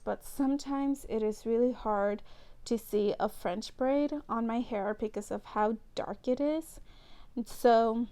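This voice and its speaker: Giggling and chatting casually, a young woman walks through a hair tutorial as a beauty vlogger and pokes fun at herself over her mistakes. Her voice is fairly high with a dark tone.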